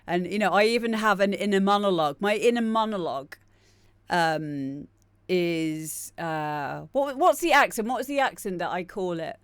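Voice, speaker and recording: A woman's voice: on the low side, expressive, moderate pace, clear, resonant tone, no echo. A young adult woman, a streamer and music producer, rambling casually to her viewers and often restarting her sentences. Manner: rambling, self-deprecating, frequent restarts. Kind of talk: casual live-stream chat.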